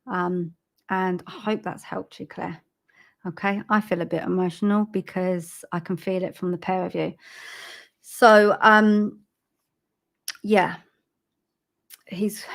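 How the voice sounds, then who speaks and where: A woman giving a live-streamed psychic reading, soft and halting, with frequent ums and repeated phrases. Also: on the low side. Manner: laughs at herself over tech trouble. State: choked up with emotion. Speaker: psychic medium.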